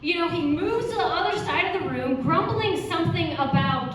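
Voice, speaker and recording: High-pitched woman doing standup, chatty, lots of "you know", far off mic, super echoey room. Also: expressive, normal speed, crowd noise. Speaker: standup comedy student. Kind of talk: standup comedy set. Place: comedy stage. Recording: echoey room from a distant mic with faint noise.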